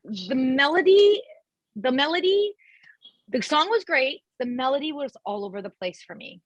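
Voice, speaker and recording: A woman judging a music competition, giving animated, candid critique and acting out what she heard. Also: high-pitched, normal speed, no echo, dull audio. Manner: animated, imitates sounds. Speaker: judge. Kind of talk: critiquing a performance.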